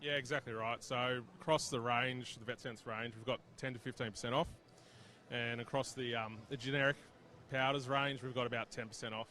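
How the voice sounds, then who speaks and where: A plain-spoken man, a sales rep for animal health products, talks in a low-key and slightly hesitant way about his range at a trade show. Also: steady tone, brisk, pushed and bright. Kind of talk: casual product chat.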